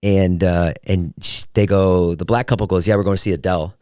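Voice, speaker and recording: A man in his forties hosting a solo podcast, talking casually and jokily, often jumping into a high, excited voice. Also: fairly quick, smooth, dry recording, clean studio sound. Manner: animated, jokey, swings into high excited pitch. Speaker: podcast host.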